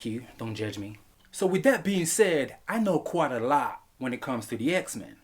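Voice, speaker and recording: A man reviewing a film in a comedic vlog, animated and profane, laughing often. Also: mid-range voice, moderate pace, background noise.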